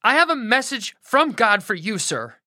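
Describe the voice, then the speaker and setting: A woman voicing a jumpy young male intern prophet who talks in a hurried, panting way. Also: on the high side, sing-song, bright, forceful tone, no room sound, studio quality, voice pushed up. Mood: eager.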